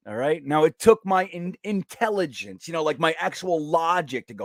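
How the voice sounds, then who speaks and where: Man, live stream host reading chat, bit high-pitched, dry close sound. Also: normal speed, no echo. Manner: animated, rambling, chatty.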